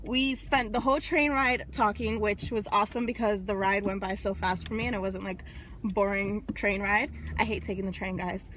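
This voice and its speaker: A woman's voice: mid-range voice, steady tone, normal speed, fairly bright tone, a little hiss or hum. A woman talking casually to her phone camera in a daily vlog, rambling with lots of fillers and laughs as she moves from home to a shop to her car. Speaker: vlogger. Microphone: phone camera held by hand.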